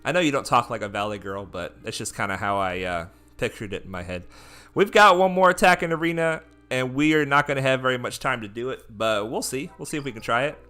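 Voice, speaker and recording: A man with a mid-range voice talks fast while excitedly commentating live on a mobile game he's playing, chatting with viewers along the way. Faint music plays in the background.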